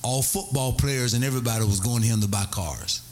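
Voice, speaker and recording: A middle-aged man, a pastor telling a story in a sermon, animated and prone to high excited cries. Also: brisk.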